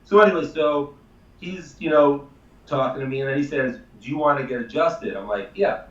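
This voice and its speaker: A man's voice: a little high, normal speed, echoey room, recorded from a distance, highs cut off. A man telling a long story in casual, emphatic talk, a chiropractor guesting on a live show. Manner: animated, emphatic, swears casually.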